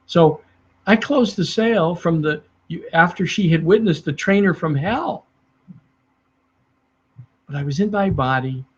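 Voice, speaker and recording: A middle-aged man who trains salespeople speaks to the camera about selling, telling stories and acting out the clients he meets. His voice is a little high and a touch husky, with a measured pace and long pauses. The recording is dull and lo-fi.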